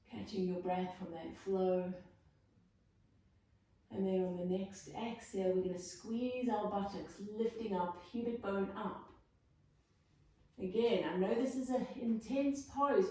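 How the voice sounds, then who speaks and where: A South African woman leading a yoga class, giving calm, encouraging cues and gentle options. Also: mid-range voice. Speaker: yoga instructor. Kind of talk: guided yoga class instruction. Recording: very echoey room, from a distance.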